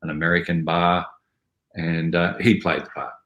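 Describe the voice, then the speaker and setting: An older man with an Australian accent, telling rambling, animated stories as an actor guest on a video call. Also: deep voice, moderate pace, echoey room, dull audio. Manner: rambling, animated storytelling with mimicry. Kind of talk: casual interview anecdotes.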